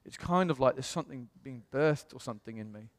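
A man, a pastor, telling a personal story in a sermon in a chatty, animated way. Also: mid-range voice, fast talker, big-room sound. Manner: chatty storytelling, animated voices when quoting others.

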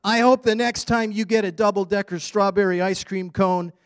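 A man's voice: high voice, steady tone, normal speed, no echo, studio quality, voice pushed up, close to an everyday voice. A man voicing a grumpy young boy who complains about his bad day, reading a storybook aloud.

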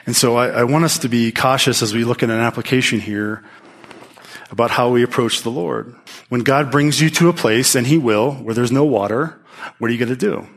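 A man preaching to his congregation, his voice mid-pitched and ordinary for a man. He speaks with animated emphasis and often restarts his phrases. His sermon delivery is lively. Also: fairly quick. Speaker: pastor teaching.

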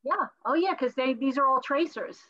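A stuffy, tired woman chatting on a video call, her voice sitting a little high. She tells her story in a rambling way, restarting sentences as she goes. The sound is dull and lo-fi, like call audio. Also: moderate pace, a bit bright. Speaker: podcast co-host. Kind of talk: casual chat over video call.

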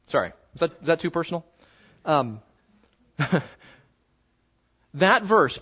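A man preaching a sermon in a conversational, animated way, slowing down to stress key words. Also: on the high side. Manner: conversational, animated, slows down for emphasis. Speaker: pastor. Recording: dull lo-fi sound.

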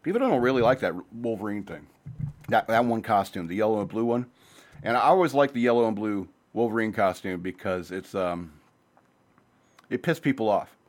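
Man hosting his own show, low-ish voice, loose rambling chat with swearing, hops from topic to topic. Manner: rambling, profane, jumps between topics; says he talks fast. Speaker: podcast host. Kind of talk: casual rambling monologue.

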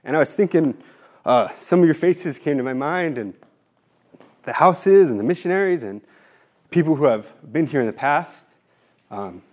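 A man in his twenties giving a talk to his faith community, nervous and tearful, halting with many pauses. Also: mid-range voice, a little mellow. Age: 20s. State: tearful, voice breaking. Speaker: speaker giving a formation talk.

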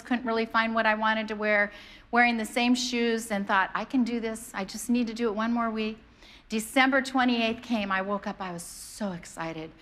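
A middle-aged woman, a pastor, preaching a sermon in an animated, conversational way, often acting out the voices of people in her stories. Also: fairly high pitch. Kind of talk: sermon with storytelling.

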